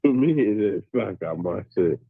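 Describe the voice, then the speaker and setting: A man's voice: deep voice, expressive, moderate pace, creaky, husky, no echo, narrow, tinny audio. A man in casual chat, laid-back, answering in short lines between laughs.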